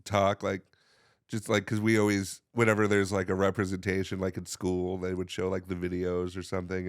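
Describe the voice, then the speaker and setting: A man co-hosting a comedy podcast, riffing in a deadpan way with lots of likes and trailing-off sentences. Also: deep voice, brisk, no echo, studio quality. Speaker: podcast co-host. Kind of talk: casual comedic chat.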